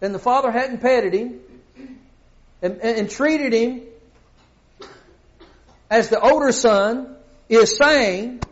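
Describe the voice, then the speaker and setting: A man's voice: extremely high pitch, takes it slowly, long pauses, muffled recording. A middle-aged man preaching a sermon, often asking his congregation questions.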